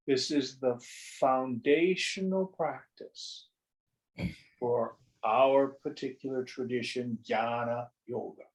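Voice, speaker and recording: A man teaching a study group on a spiritual text, speaking slowly and deliberately and sometimes acting out little dialogues. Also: medium pitch, poor audio.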